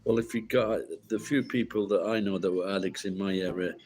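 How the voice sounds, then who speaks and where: A man's voice: low-pitched, fairly even intonation, fairly quick, darkish tone, poor audio. A middle-aged man with a Yorkshire accent, chatting casually in a rambling, sweary, blunt way. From Yorkshire, northern England.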